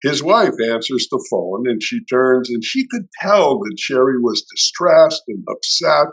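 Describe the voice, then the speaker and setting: Middle-aged male podcast co-host, mid-pitched, storytelling, chatty with restarts. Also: big pitch swings, unhurried, husky, rough recording. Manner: anecdotal, with restarts and acted-out quotes. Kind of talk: personal storytelling in conversation.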